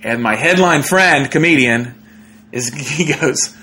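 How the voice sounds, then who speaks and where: Young male comic, bright slightly high voice, loose animated storytelling full of fillers and laughs. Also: takes it slowly. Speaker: comedian guest. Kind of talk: casual storytelling.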